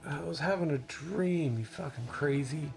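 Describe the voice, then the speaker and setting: A man's voice: a little high, normal speed, gravelly, pitched above the performer's own voice. A man voicing an eager young male soldier who talks bluntly and with some exasperation. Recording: music playing behind.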